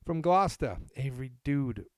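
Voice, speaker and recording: A man's voice: medium pitch, expressive, moderate pace, no room sound, studio quality. A man from New England hosting a casual solo podcast, reading listener emails aloud and rambling with self-deprecating asides. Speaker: podcast host.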